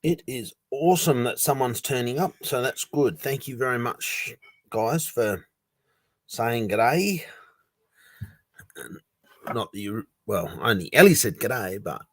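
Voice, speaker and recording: Male streamer, relaxed rambling chat, mid-range voice, dry close sound. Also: mid-range voice, slow, pauses often, no room sound. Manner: rambling, chatty, reads viewer comments aloud. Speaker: livestream host. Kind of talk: casual livestream chat.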